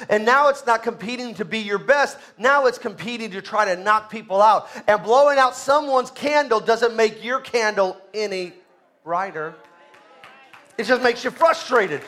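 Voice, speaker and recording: A man preaching from the pulpit, his voice sitting unusually high for a man with a bright, ringing edge. He sinks into quiet, low asides, then climbs into shouted calls for the congregation to answer back. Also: expressive, normal speed. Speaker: pastor. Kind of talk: sermon.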